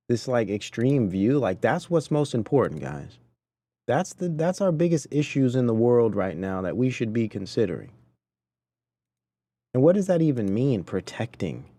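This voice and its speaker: A man's voice: medium pitch, warm tone, no room sound. A man hosting a podcast, giving indignant, preachy commentary on video clips and talking to his chat. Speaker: podcast host.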